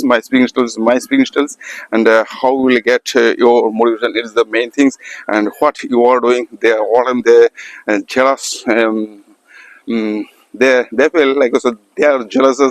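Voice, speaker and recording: An English-practice vlogger with an Indian English accent gives an unscripted motivational talk to camera, halting often, with many fillers and repeated words. His voice is mid-range, captured on the camera mic in a low-quality recording with no echo.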